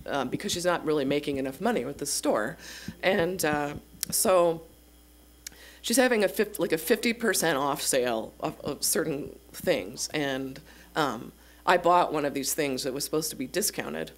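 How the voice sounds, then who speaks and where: Chatty low-voiced young woman. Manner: chatty and rambling, full of fillers. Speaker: congregation member sharing a story. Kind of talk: personal story at a church service. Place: church sanctuary.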